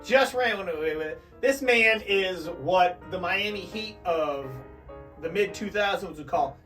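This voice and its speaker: A man's voice: high-pitched, lively intonation, normal speed. Young male co-host, rowdy jokey delivery, heard from a distance over light music. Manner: loud, joking, hyped segment intros. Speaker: podcast co-host. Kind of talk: casual sports banter. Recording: distant mic with faint music.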